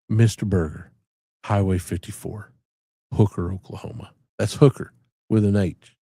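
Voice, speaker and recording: A man's voice: lowish voice, a little slow, warm tone, husky, no room sound, studio quality. A man hosting a casual live stream, rambling and joking with frequent laughter. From southern United States.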